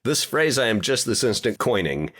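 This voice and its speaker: A man's voice: medium pitch, sing-song, moderate pace, a bit bright. A man co-hosting a tabletop game podcast, chatting in a playful, jokey way and acting out little quotes. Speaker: podcast co-host. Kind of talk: casual chat about tabletop games.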